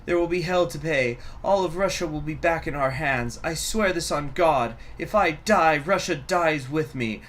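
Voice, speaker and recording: A man's voice: fairly high pitch, moderate pace, few pauses, fairly bright tone, a little hiss or hum, pitched above the performer's own voice, close to an everyday voice. A man voicing a furious tyrannical female regent, ranting threats in a dramatic reading of a game story. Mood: menacing.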